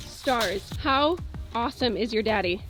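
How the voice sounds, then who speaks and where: A woman's voice: fairly high pitch, normal speed, music in the background. Playful woman vlogging outdoors. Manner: playful, sing-song with the children. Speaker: vlog host and mother. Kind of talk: casual vlog narration. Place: outdoors on a rural homestead.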